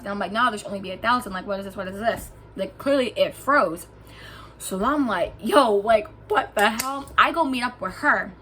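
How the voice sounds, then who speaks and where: A young woman telling a storytime vlog, lively and swearing freely, acting out what people said to her. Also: mid-range voice, slight background noise. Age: young adult. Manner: animated, swearing, acts out quotes. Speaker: vlogger. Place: indoors, lying down at home.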